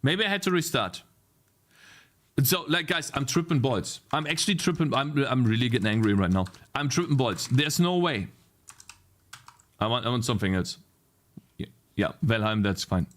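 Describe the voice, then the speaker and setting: A man's voice: medium pitch, animated, moderate pace, pauses often. A young man streaming his game programming, talking to chat while he debugs, muttering to himself and swinging between irritation and delight. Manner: swears and mutters repeated phrases to himself. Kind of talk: live coding stream chat.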